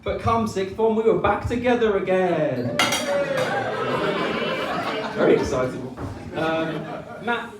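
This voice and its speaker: A man giving a teasing wedding speech, pausing often with ums. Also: sits high, expressive, over a noisy crowd, heavy background noise. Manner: teasing, with many ums and pauses. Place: wedding reception hall. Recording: echoey room, mic from far off.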